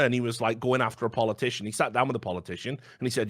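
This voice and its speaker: A man's voice: lowish voice, rapid-fire, a bit bright, no room sound, clean studio sound. A man in casual chat, blunt and sweary, telling stories with animation.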